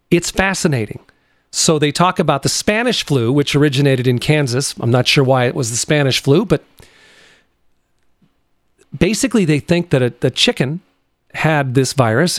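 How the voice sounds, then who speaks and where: A man's voice: fairly high pitch, no echo. Rambling chatty male podcast host. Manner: rambling, chatty, frequent restarts. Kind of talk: casual comedic podcast monologue.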